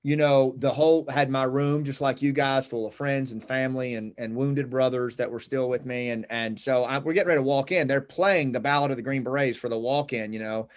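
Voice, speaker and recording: A middle-aged man, a guest on a conversational show, telling a personal story in an earnest, reflective way with halting pauses and fillers. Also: medium pitch, fairly even intonation.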